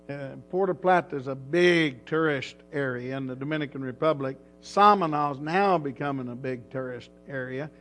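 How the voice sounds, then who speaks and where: A man who is a pastor, telling a folksy, rambling story in a casual way and chuckling often. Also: fairly high pitch.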